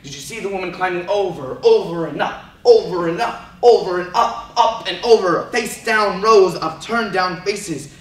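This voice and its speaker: A man giving a dramatic oral interpretation of poetry, slow and theatrical, dropping to hushed lines and rising to loud cries. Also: sits high. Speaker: speech and debate competitor. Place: large event hall. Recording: echoey hall recorded from far off.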